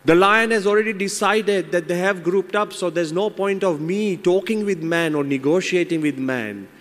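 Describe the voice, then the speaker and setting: A man's voice: high voice, normal speed, fairly bright tone. A man, a monk and motivational speaker, telling a fable with moralizing asides. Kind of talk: motivational talk with a told fable. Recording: long hall reverb.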